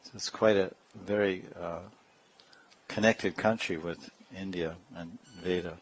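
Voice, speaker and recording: Low-voiced man giving a sermon. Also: steady tone, measured pace, slight background noise, rough recording. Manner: storytelling with playful imitations and laughs. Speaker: spiritual teacher.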